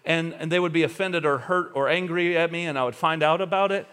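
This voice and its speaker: A man preaching a sermon as a pastor, talking earnestly and swinging between hushed, confessional moments and fervent emphasis. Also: a little high, brisk, clear, resonant tone.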